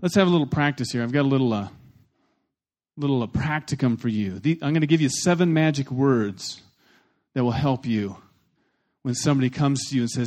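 A pastor preaching a sermon. He is animated and plain-spoken, with blunt humor, and he leads the congregation in repeating phrases. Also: medium pitch, fairly quick. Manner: animated, swings between loud emphasis and soft asides.

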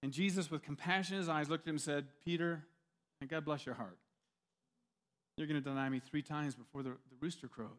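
A man preaching in a relaxed, conversational way. His voice sits somewhat high. He restarts sentences often and keeps asking his listeners questions. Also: brisk. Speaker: pastor. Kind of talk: sermon.

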